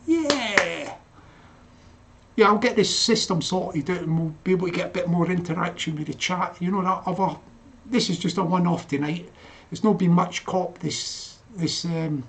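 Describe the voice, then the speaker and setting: An older man hosting a casual livestream, laughing often and calling himself by name in the third person. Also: high voice. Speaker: livestream host.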